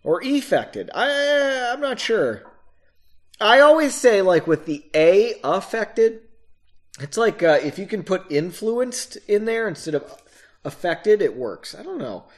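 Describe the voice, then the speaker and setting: A man's voice: high-pitched, big pitch swings, unhurried. A man reading a story aloud and breaking off for casual, self-mocking asides. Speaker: reader of his own novel.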